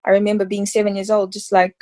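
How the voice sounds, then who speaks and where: A woman's voice: medium pitch, completely flat delivery, quick pace, dark tone. Chatty woman actress full of fillers. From South Africa. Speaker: actress guest. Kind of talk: casual interview chat.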